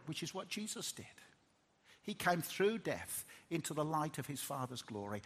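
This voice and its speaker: Man, middle-aged, preacher, sermon, husky, higher voice, earnest, stammering restarts, loud-to-hushed swings.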